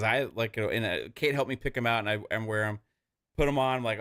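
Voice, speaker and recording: A man's voice: mid-range voice, fast, fairly bright tone, smooth. A male podcast co-host telling a story in laid-back, profane casual chat.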